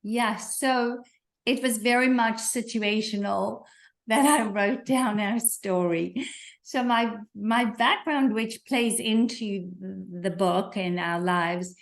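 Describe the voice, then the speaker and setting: Articulate woman with a soft South African accent. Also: mid-range voice, slow, vocal fry. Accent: South African, softened by years in Canada. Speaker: author and guest. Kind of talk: interview conversation. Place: remote call from home.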